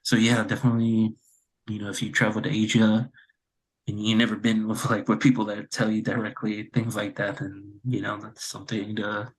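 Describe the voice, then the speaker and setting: Male podcast co-host, low husky voice, halting casual delivery. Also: level tone, poor audio. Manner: hesitant, many fillers and restarts. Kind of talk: casual chat.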